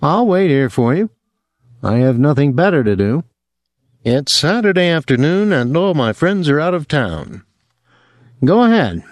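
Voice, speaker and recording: A cold, controlling man delivers his words with mocking, curt sarcasm, played by a male narrator. His voice leaps in pitch as he sneers. The sound is dry and close to the mic. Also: big pitch swings, normal speed, hardly any pauses, darkish tone, dry recording, close to an everyday voice.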